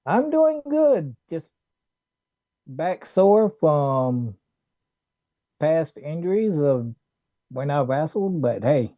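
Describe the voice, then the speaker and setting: A man co-hosting a casual wrestling talk show, speaking in slow, measured host patter. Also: a little high, sing-song, mellow, no room sound. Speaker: podcast co-host.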